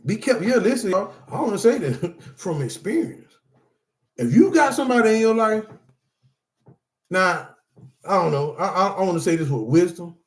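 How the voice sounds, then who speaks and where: A middle-aged man teaches anger management through his own testimony, speaking emphatically, repeating himself, and often calling his listeners "y'all." His voice sits high with big swings in pitch, at a normal speed with long pauses, in an echoey room.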